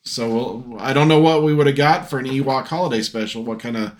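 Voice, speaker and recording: A man's voice: mid-range voice, brisk. A middle-aged man co-hosting a casual podcast with his son, rambling with many fillers and restarts. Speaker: podcast co-host, father. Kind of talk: casual chat.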